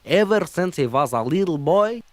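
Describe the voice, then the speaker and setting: A man's voice: sits high, lively intonation, normal speed, no echo. A man playing a fretful immigrant father with a Yiddish-inflected accent in a comedy album sketch, rambling and pleading. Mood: exasperated. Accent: Yiddish-inflected English.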